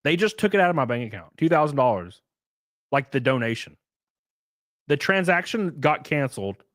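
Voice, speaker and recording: A man tells a story on his podcast in a loose, conversational rant. His voice sits a little high for a man. He swears freely and acts out the calls he made. The sound is dry, with no room echo. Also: moderate pace. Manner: animated, profane, acts out his own phone calls. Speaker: streamer and podcast host.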